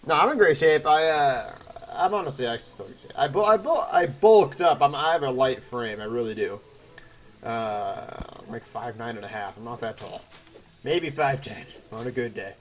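A young man commentating a video game, excitable and chatty, yelping at danger and answering chat. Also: medium pitch, moderate pace. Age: young adult. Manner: excitable, yelps and exclaims, chatty asides to chat. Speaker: let's play host. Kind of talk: gameplay commentary.

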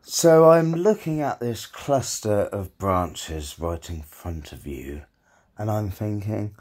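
A man's voice: lowish voice, lively intonation, slow, a little mellow, husky. A man, a self-employed gardener chatting casually on his vlog, rambling, joking and swearing as he goes.

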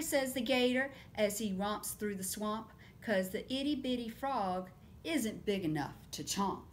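A woman reading picture books aloud at story time, animated and stopping often to ask the children questions. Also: fairly high pitch, a little hiss or hum. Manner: animated, asks children questions and invites them to join in.

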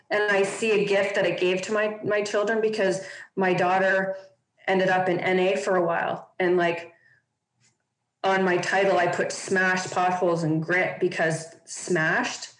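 A woman's voice: medium pitch, roomy sound, low-quality recording. A woman guest on a podcast, telling a personal story openly and earnestly, with lots of casual fillers.

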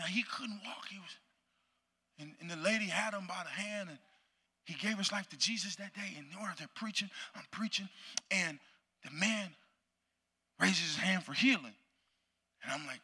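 A man preaching a sermon in a church, telling a story dramatically and swinging from loud shouts to hushed near-whispers. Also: sits high, big-room sound. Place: church sanctuary.

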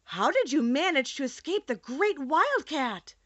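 A woman's voice: high-pitched, very animated, measured pace, fairly bright tone, dry recording, voice pushed up, exaggerated voice. A woman voicing a crowd of anxious small mice in a storybook reading. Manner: breathless and anxious.

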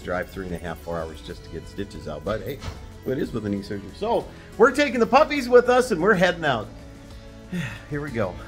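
A man hosting a casual work vlog. He is upbeat, chats easily and laughs often. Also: mid-range voice. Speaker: host and carpet cleaner.

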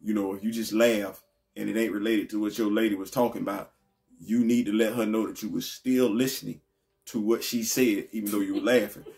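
A man hosting his own vlog, talking in a rambling, slangy, animated way that rises high when he gets frustrated. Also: a little fast, gravelly. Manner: rambling, slangy, laughs often. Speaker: vlog host. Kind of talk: casual ranting vlog.

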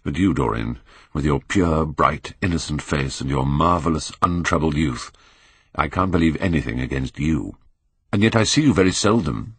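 A man voicing an earnest Victorian painter, grave and pleading in a deep voice. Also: slightly rough, no room sound, heavily acted. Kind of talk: audiobook character reading.

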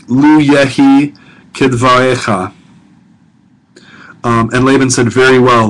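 A man teaching a language class as a professor, slow and deliberate, repeating words and explaining them. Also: medium pitch, fairly bright tone, low-quality recording. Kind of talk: recorded lecture.

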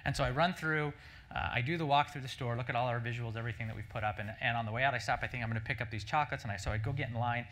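A middle-aged man, a marketing executive, telling stories to a breakfast audience in an animated way, with many restarts and "right?" asides. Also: mid-range voice, rapid-fire. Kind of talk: conference keynote storytelling. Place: breakfast event room before an audience.

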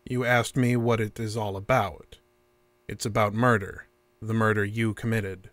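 A fairly low, measured male voice plays a composed, rigid interrogator in an audio drama, repeating flat and formal lines. There's no echo in the recording.

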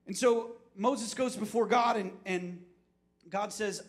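A male pastor with a notably high voice gives a short sermon to his congregation. He talks plainly to them one moment and climbs into loud, fervent declarations the next, repeating phrases as he presses his point. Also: moderate pace. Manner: preachy, rising to shouts and dropping low, repeats himself.

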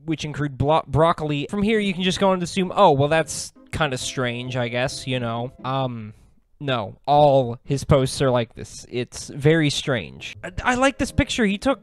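Young man doing deadpan comedic commentary. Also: medium pitch, clean tone. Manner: deadpan jokes with bursts of laughter. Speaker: commentary YouTuber.

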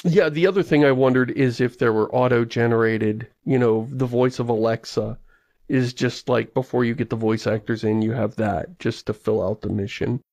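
A man with a mid-pitched, gravelly voice hosts a casual podcast. He talks in an animated way and throws in quick asides. The sound is close and dry. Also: no room sound. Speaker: podcast host.

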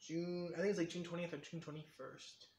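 A man's voice: on the high side, steady tone, a little fast, darkish tone, echoey room. A man chatting casually in a vlog, rambling and correcting himself, his throat strained and sore. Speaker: vlogger.

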